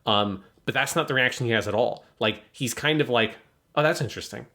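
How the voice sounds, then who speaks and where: A man's voice: mid-range voice, brisk, sharp tone. A man co-hosting a podcast, picking apart a story in casual, analytical chat and swearing now and then. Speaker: podcast co-host.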